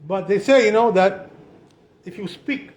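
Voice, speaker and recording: Chatty rabbi. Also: male voice, sits high, unhurried. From Israel. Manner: chatty, peppers speech with "you know" and "right?"; animated, acts out quoted voices. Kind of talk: informal Torah talk.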